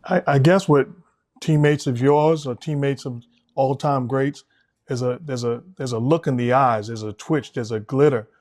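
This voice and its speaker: A man's voice: mid-range voice, steady tone, moderate pace, darkish tone. A man hosting a podcast interview, talking in a casual way and building up his phrases with repetitions and laughs. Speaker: podcast host.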